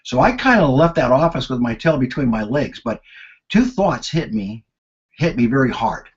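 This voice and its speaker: A man in his sixties presenting a marketing lesson, telling anecdotes in an animated storyteller's way. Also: mid-range voice, moderate pace, husky, highs cut off.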